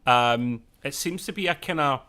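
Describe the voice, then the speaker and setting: A man's voice: medium pitch, normal speed, pushed and bright, clean tone. A man co-hosting a casual live discussion, rambling and self-correcting with jokey asides. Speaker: podcast co-host.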